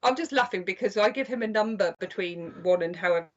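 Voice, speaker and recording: An older woman giving chatty, gentle psychic card readings on a live stream. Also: mid-range voice, quick pace. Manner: chatty and gentle, calls people "my lovely". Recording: slightly dull lo-fi stream audio.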